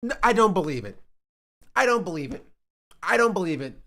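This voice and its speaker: A man's voice: high-pitched, sing-song, a little fast, fairly bright tone. A man streaming, reacting in disbelief and repeating the same phrases over and over. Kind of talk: livestream reaction commentary.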